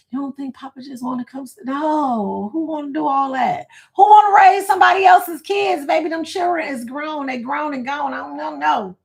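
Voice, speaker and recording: Gravelly, chatty middle-aged woman livestreaming. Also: a little high. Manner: chatty, reads viewer comments aloud, laughs often. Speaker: livestream host. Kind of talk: casual livestream chat.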